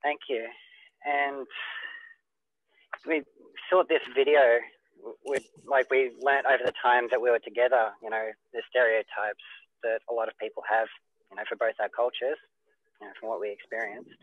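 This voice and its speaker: A man accepting an award and speaking as a guest on a video call. He talks in a relaxed, hesitant way and says "you know" often. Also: medium pitch, moderate pace, long pauses, no room sound, phone-quality sound.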